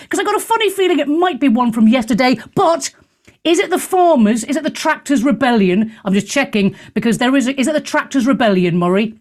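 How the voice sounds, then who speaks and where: A woman hosts a talk show with loose, opinionated chat. She is animated and theatrical, with a biting sarcastic edge. Her voice sits fairly high. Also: normal speed.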